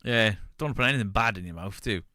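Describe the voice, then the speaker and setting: Bloke streaming, banter and mock pub shouting, bright, dead dry sound. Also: male voice, on the low side, rapid-fire, no room sound. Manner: banter, reads chat aloud, shouts mock pub-landlord bits. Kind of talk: casual live-stream chat.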